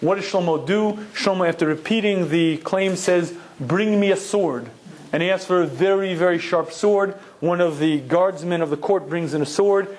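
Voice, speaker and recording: A man's voice: high voice, steady tone, moderate pace, hardly any pauses, a little mellow. A man giving a Torah lecture, emphatic and full of rhetorical questions, dropping in Hebrew terms. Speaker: Torah teacher.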